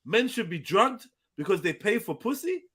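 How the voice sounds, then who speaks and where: High, lively man teasing. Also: moderate pace, breathy edge. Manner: loud, teasing, swearing, often laughing. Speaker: host of a livestream panel. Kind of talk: casual banter on a live panel show.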